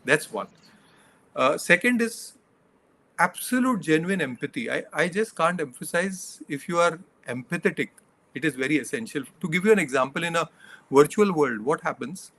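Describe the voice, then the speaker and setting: Middle-aged man, earnest explainer, interview guest, fairly high voice. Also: lively intonation, moderate pace, a bit bright. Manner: earnest, explains with examples and numbered points. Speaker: guest leadership coach. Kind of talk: interview answers.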